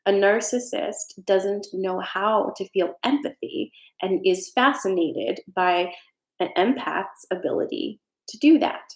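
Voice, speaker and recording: A woman's voice: medium pitch, takes it slowly, reverberant. A woman doing a casual tarot reading on a live stream, earnest and reassuring, with some frank swearing. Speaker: tarot reader.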